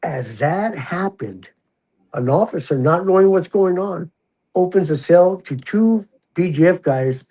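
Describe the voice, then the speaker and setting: A man's voice: high-pitched, lively intonation, unhurried, mellow, slightly rough, poor audio. An older man, a retired prison officer, tells a story in a casual interview and acts out the voices he quotes.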